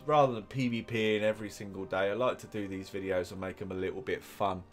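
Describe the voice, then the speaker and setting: A man's voice: lowish voice, fairly even intonation, fast talker, soft background music. A man with an English accent giving casual, rambling commentary while playing a game, drifting into chatty asides. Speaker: gaming YouTuber.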